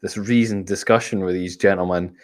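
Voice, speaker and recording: A man's voice: deep voice, fairly even intonation, a little fast. A Scottish man in casual chat, adding details to a shared story and backing up his friend with short agreements.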